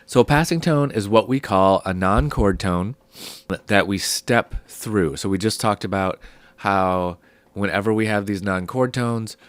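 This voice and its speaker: A young man with a sick, hoarse voice, casually teaching a music theory lesson step by step. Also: fairly low pitch, no room sound. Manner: relaxed, explaining step by step with fillers.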